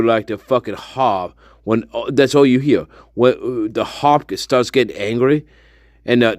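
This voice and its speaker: A man's voice: medium pitch, no echo, clean studio sound, natural voice. A man playing a cursing, fed-up spirit guide. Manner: foul-mouthed stammering rant. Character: exasperated profane male spirit guide in the afterlife. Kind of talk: improvised comic monologue.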